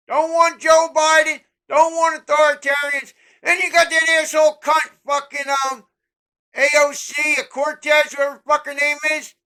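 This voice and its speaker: A middle-aged commentator delivering a heated, profane political rant, often breaking into shouts. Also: sits high, rough recording.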